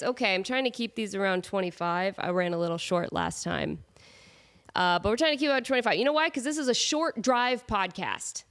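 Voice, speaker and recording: A woman in her thirties hosts her solo podcast from home, her voice nasal and stuffed up from a cold. She chats along in a self-mocking way, wandering off into asides, with her pitch sitting in a middle range for a woman. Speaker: podcast host. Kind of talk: casual solo podcast chat.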